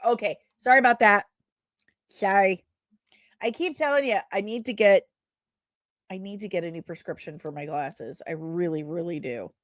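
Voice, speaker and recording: On a live show, a woman host reads viewer comments aloud and responds chattily, throwing in quick asides and often laughing at herself. Her voice is on the low side, and the clean studio sound has no room echo.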